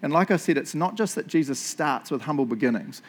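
A man's voice: a little high, lively intonation, fairly quick. Chatty New Zealand man preaching. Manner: chatty, jokey, often adds "eh?" and "right?". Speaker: pastor. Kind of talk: sermon. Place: church.

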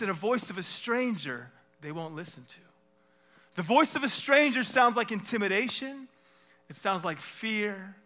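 A man preaching a sermon as a guest speaker, swinging from loud declarations to hushed whispers. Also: fairly high pitch, a little hiss or hum.

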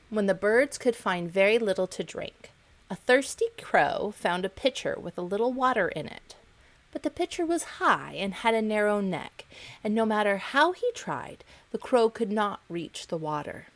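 A woman hosting a podcast, reading fables to children in a gentle, expressive storytelling voice. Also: fairly low pitch. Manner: expressive, gentle, varied intonation. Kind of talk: storytelling narration for kids.

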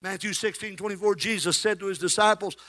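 Male preacher, high and bright. Alternates shouting with quiet storytelling. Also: fast. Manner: swings between shouting and quiet, conversational storytelling. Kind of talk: sermon.

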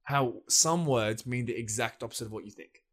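A young Australian man co-hosting a casual chat, laid-back and sweary, quick to agree. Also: mid-range voice. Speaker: podcast co-host.

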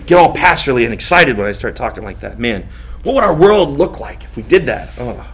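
A pastor in his thirties preaching a sermon in a lively, conversational way, often repeating himself. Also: mid-range voice, brisk. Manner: animated, conversational preaching with repetitions.

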